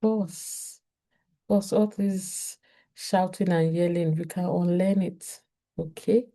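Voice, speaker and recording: A woman's voice: on the low side, fairly even intonation, slow pace, dark tone. A woman with a Nigerian English accent giving earnest parenting advice straight to camera, repeating her key points and speaking directly to parents.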